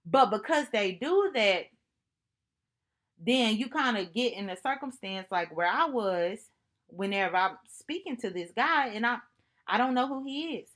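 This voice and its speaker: Woman, vlogger, slow measured pace, earnest reflective monologue, repeats phrases for emphasis. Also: on the high side, expressive, fairly bright tone. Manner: earnest, thoughtful, unhurried storytelling with repetitions.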